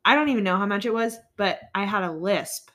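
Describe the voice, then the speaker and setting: A woman's voice: medium pitch, fairly quick, fairly bright tone. A young woman co-hosting a podcast, chatting casually and telling rambling, self-deprecating stories. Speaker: podcast co-host. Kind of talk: casual chat.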